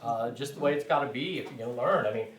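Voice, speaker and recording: A man's voice: medium pitch, quick pace. A man teaching a language class, chatty and informal, often checking in with his students. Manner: chatty, frequent "right?" check-ins, self-deprecating. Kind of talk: classroom instruction. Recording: roomy, distant, faint hiss.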